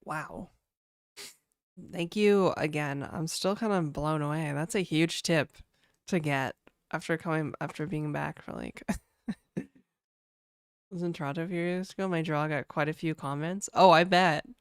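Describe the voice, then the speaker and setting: A woman's voice: sits low, unhurried, long pauses, clear, resonant tone, no room sound, clean studio sound. A woman game developer streaming and chatting casually, laid-back and talkative, often laughing and saying "like" and "dude". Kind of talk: casual livestream chat.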